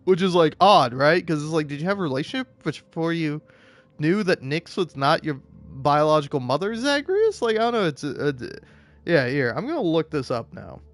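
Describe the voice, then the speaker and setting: A man streaming and chatting casually, rambling with lots of profanity and stumbling restarts, breaking into high-pitched rants. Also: very animated, moderate pace. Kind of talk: casual chat while gaming.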